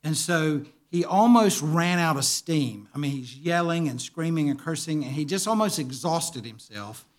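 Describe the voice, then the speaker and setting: Male pastor, higher than usual pitch, earnest sermon storyteller who acts out dialogue. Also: animated, normal speed, hardly any pauses. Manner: vivid storyteller, acting out dialogue; quiet, earnest.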